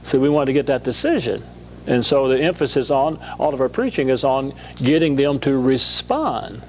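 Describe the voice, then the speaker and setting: A guest preacher from Louisiana, a man, teaches scripture with a gravelly voice and a very lively rise and fall in pitch. He acts out the lines of the figures in the stories he tells. The broadcast sound is a bit dull and lo-fi, with faint background noise. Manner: animated, acts out scripture dialogue. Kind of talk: sermon-like Bible teaching.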